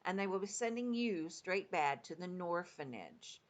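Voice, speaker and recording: A grandma reading as a gentle friendly giant. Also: female voice, fairly low pitch, lively intonation, moderate pace, natural voice. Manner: mangled grammar, invented words. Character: kindly big friendly male giant.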